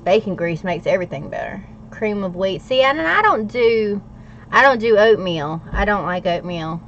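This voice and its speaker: A woman's voice: medium pitch, animated, moderate pace, slight background noise. Middle-aged woman, livestream host, chatty and playful, reading viewer comments aloud, slightly dull lo-fi sound. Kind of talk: casual livestream chat while journaling.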